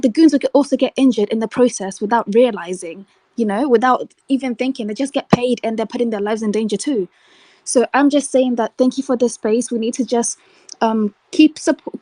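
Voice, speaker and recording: Woman caller, fired-up and indignant, slightly high, dry close audio. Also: darkish tone, dry recording, rough recording. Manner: heated, indignant, fast rant. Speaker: caller on a live audio space.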